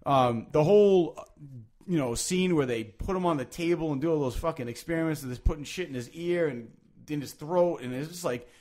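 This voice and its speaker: A man hosting a podcast, talking casually and at length, with many restarts, lively emphasis and frequent swearing. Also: fairly high pitch, fairly quick. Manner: rambling, animated, swears freely, many restarts. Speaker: podcast host.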